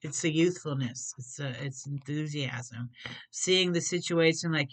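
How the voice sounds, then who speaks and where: Slow, rambling tarot reader. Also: mid-range voice, a bit bright. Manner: rambling, repeats and plays with words, trips over some. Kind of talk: casual tarot card reading.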